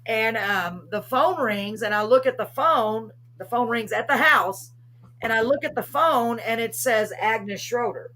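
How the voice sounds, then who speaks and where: A woman hosting a live chat show, telling ghost stories in a lively way and acting out what she said back then. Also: fairly high pitch, unhurried. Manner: animated storyteller, acts out her own past words. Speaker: host.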